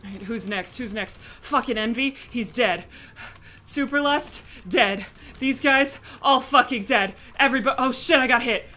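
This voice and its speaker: A young woman streaming a game live, muttering and swearing to herself, then yelling in frustration. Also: on the high side, moderate pace, faint music behind.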